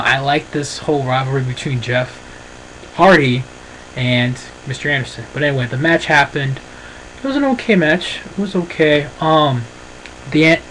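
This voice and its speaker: Brief: man with a slightly high voice, chatty rambling reviewer, opinionated, faint background noise. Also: a bit bright, poor audio. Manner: rambling, opinionated, says "freaking" a lot. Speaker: wrestling show reviewer. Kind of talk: casual review vlog.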